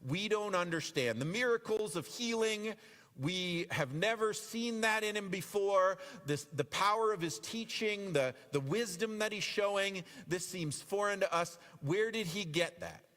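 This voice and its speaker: A man's voice: high-pitched, a little slow, fairly bright tone. A male pastor preaching a sermon in a conversational way, often repeating his questions. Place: church sanctuary. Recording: long reverb of a church hall.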